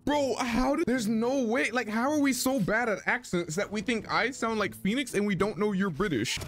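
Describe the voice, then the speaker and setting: A man's voice: sits high, normal speed. An American man streaming a game, chatting casually and joking with his teammates. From United States. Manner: animated, joking, laughs often. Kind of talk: casual gaming chat.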